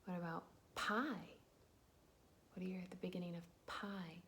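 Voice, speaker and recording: A woman's voice: lowish voice, fairly even intonation, bright, forceful tone, slight background noise. Patient woman teaching phonics to children. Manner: slow, patient, encouraging, sounding out letters. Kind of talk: early phonics lesson for young children.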